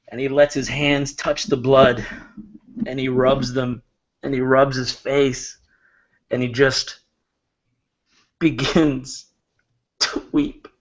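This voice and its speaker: Man, tabletop player, slow, theatrical narration, dull recording. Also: mid-range voice. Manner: slow, dramatic storytelling. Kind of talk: narrating his character's actions.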